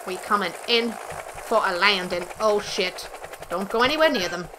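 A young woman giving loud, profane, jokey commentary while playing a video game. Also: mid-range voice, normal speed, noisy background. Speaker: gameplay streamer. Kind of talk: let's play commentary.

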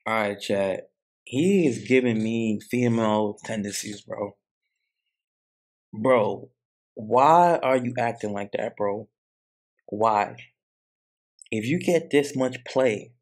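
Brief: male reaction streamer, husky mid-pitched voice, blunt and incredulous. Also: slow pace, pauses often, a little mellow. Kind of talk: reaction commentary to viewers.

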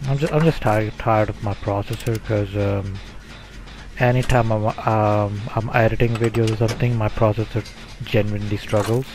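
A man from the UK, hosting a casual online chat while gaming, talking in a relaxed, rambling way with many fillers. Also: lowish voice, normal speed. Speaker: streamer host.

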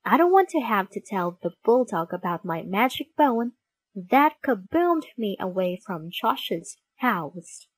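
A woman narrating a children's storybook in an expressive, animated read-aloud manner. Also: mid-range voice, slow, slightly rough, no echo. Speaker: storybook reader.

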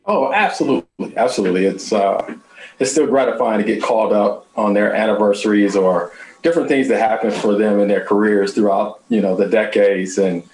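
A man, a navy veteran guest on a podcast panel, talking in an easygoing, modest way with halting restarts. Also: fairly low pitch, darkish tone, reverberant, low-quality recording. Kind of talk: casual panel chat.

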